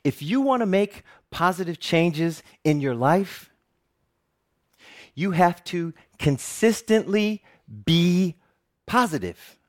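A man's voice: sits high, expressive, takes it slowly. A middle-aged man giving a personal storytelling speech, humorous and self-mocking. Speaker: TV reporter giving a talk.

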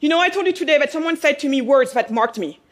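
High-voiced woman giving a passionate speech. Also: animated. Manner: rhetorical questions, prompts the audience to answer; emphatic, with pauses for effect. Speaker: business owner addressing an audience. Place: room with a live audience.

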